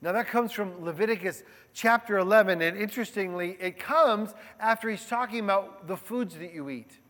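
A male pastor with a high-pitched voice preaches at a normal pace in a conversational, animated style, frequently checking in with his congregation. The recording carries a long hall reverb.

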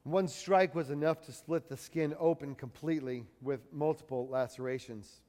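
A high-voiced man preaching a sermon, his words carrying a long reverb as if in a big hall. He builds phrases up loudly for emphasis, then drops to a low, hushed tone. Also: steady tone, normal speed. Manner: dramatic, rising for emphasis and dropping low and quiet.

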